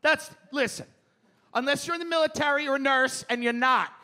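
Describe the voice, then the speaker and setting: A man's voice: very high-pitched, a little fast, bright, forceful tone. A man doing a brash, profane stand-up set on a theater stage, teasing the crowd. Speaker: stand-up comedian. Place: theater stage before a live audience.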